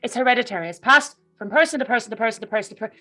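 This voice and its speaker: A woman playing a tabletop game, chatting quickly and laughing often. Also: on the high side, pushed and bright, soft background music. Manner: giggly, quick. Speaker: player. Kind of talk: casual chat.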